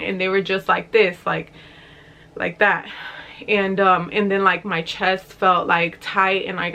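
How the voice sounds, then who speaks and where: A young woman telling a storytime to her camera, rambling and loose, packed with fillers and the odd curse. Her voice is bright and forward, at an ordinary middle pitch. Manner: rambling, lots of fillers and swearing. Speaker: vlogger. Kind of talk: casual storytime.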